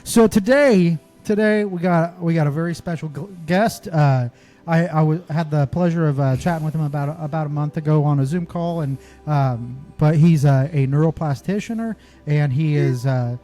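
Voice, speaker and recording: A man's voice: fairly high pitch, moderate pace, dark tone, soft background music. A man, co-hosting a podcast in a rambling casual way with many restarts. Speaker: podcast co-host.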